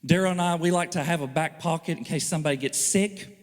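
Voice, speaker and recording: Animated preaching man in reverberant church. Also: a little high, quick pace. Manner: animated, joking, acts out quoted voices. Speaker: pastor. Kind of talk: sermon. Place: church hall.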